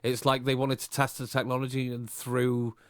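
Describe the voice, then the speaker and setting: In studio-quality audio with no room sound, this male podcast co-host talks at a moderate pace in a completely flat, medium-pitched voice with a fairly bright tone. His casual chat is rambling and easygoing, full of self-corrections.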